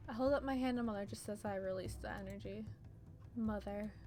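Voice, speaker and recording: A woman streamer reading a visual novel aloud in first person, with steady storytelling narration and small slips. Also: mid-range voice, fairly quick. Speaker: let's play streamer.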